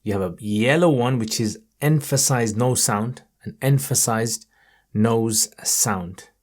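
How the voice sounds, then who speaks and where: During an online Quran reading lesson, a mid-range male teacher patiently encourages the learner. He demonstrates every verse in a raised, melodic chant, delivered slowly like a recitation.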